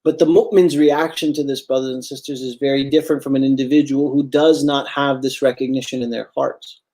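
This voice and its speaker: A man's voice: mid-range voice, level tone, brisk, warm tone. Earnest man preaching a Friday sermon. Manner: earnest, repeats phrases for emphasis, addresses "brothers and sisters". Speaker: imam giving Friday sermon.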